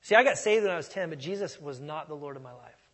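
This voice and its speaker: Husky-voiced pastor in an echoing hall. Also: male voice, a little high, animated, fast talker. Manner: conversational preaching, swings from soft asides to loud emphasis. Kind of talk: sermon.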